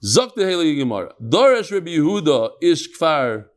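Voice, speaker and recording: A middle-aged man leads a daily Talmud class in a lively, jokey way, his voice sitting a little high for a man. He shifts between plain English and Hebrew-Aramaic terms as he explains. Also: normal speed. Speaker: Talmud class teacher and host. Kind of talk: lively Talmud lesson to a live group.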